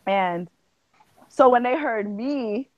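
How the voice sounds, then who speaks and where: A woman in her twenties with a New York accent, chatting casually and telling stories with lively retold quotes. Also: fairly high pitch, slow, no echo, highs cut off. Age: 20s. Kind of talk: casual chat.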